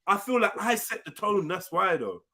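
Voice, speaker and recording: A man's voice: sits high, big pitch swings, normal speed, pushed and bright. A man hosting a casual panel, teasing and laughing with his co-hosts. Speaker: host. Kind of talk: casual group chat.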